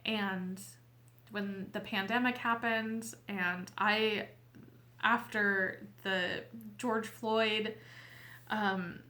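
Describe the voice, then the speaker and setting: A woman hosting her own channel speaks slowly and earnestly, her voice bright and a little tense as she fights back tears. She talks in a casual, heartfelt way, halting and restarting as she goes. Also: medium pitch, fairly even intonation. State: weepy, tearful. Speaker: tarot reader and channel host. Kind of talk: casual heartfelt talk to camera.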